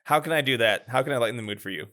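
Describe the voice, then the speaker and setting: A man as a podcast guest in casual chat, giving dry, gently teasing reactions. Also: mid-range voice, very fast.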